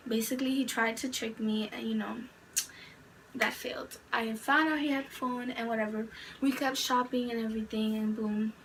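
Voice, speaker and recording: A woman's voice: fairly high pitch, moderate pace, fairly bright tone. A young adult woman vlogger telling a storytime tale in a rambling, chatty way, full of "like" fillers. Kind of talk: storytime narration. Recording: distant mic with faint background noise.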